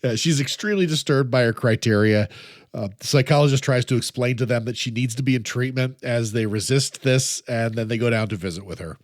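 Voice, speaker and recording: A man's voice: mid-range voice, fairly quick, dry recording. Guy cohosting a podcast, chill, laughing, recaps stuff, super dry mic. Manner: laughs often, recaps plot in a relaxed way. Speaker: podcast co-host. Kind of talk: casual chat recapping a film.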